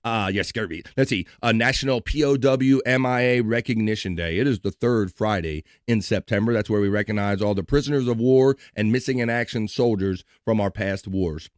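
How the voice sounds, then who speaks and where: A man's voice: lowish voice, fairly quick, few pauses, no room sound, studio quality. A man hosting a casual live stream, loose and playful, breaking into silly voices and sung bits. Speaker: livestream host.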